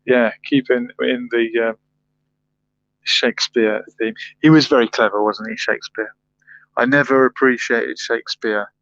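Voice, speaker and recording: A man's voice: mid-range voice, fairly bright tone, no echo. A man hosting a livestream, chatting casually, reading viewer comments and musing aloud with rhetorical questions. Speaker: livestream host. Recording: dull lo-fi dry sound.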